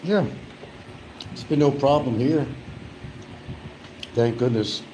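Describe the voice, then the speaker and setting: A man's voice: mid-range voice, slow, darkish tone, slight background noise, poor audio. A man talking casually and rambling at home while he eats, grumbling about the news between bites. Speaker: vlogger. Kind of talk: casual eating vlog chat.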